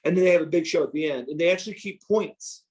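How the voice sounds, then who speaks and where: A man in his fifties from the United States, spinning profane, animated tales as a podcast guest. His voice sits a bit higher than most men's. He stumbles and restarts as the stories tumble out. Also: fast talker, low-quality recording. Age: 50s. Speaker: guest, former pro wrestler. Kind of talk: storytelling in a podcast interview.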